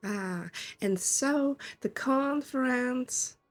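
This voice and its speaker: Speaking very slowly in a high voice, a vtuber from Switzerland chats casually while playing a game, laughing frequently in her Swiss German accent. Faint music plays behind her.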